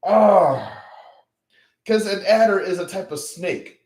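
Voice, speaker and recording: A man with a Southern US accent hosting a casual livestream, animated and slangy, often repeating his phrases and talking straight to his viewers. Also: high-pitched, slow, echoey room. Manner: animated, repeats himself, talks to chat with slangy asides. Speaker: livestream host. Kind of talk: casual live-stream chat.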